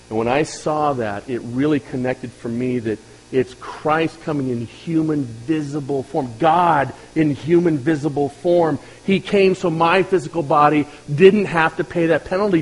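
A pastor giving a sermon, moving between loud emphatic peaks and quiet, intimate asides. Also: male voice, on the high side, slightly rough, rough recording.

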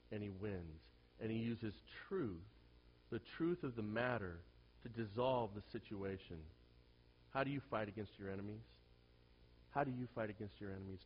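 A male pastor preaching to a congregation and telling personal stories, swinging from hushed asides to loud, animated bursts. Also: fairly low pitch, muffled recording, slight background noise. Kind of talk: sermon with personal storytelling.

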